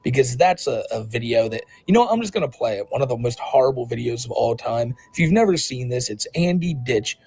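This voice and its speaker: A man's voice: medium pitch, animated, brisk, hardly any pauses, darkish tone, slightly rough, rough recording. A man co-hosting a podcast, giving blunt, rambling, sarcastic commentary in casual talk. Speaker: podcast co-host.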